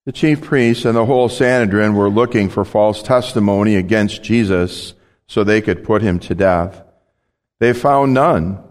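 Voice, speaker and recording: Low-voiced pastor reading scripture. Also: male voice, big-room sound. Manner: measured prayerful reading.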